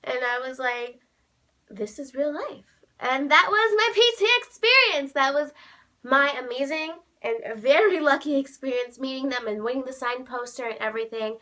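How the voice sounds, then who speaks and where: A young woman chatting straight to her vlog camera in a high, bright voice. She tells the story in gushing bursts full of "like", and her voice jumps even higher whenever she acts out what she said. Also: moderate pace. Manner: gushing, heavy use of "like", bursts of squealing quotes. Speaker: vlogger.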